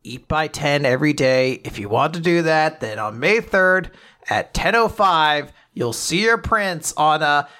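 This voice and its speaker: A man hosting a podcast, casually recapping a comic chapter with animated, laughing delivery. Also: on the high side, a little slow. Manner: animated, laughing, slips into character voices. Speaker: podcast host.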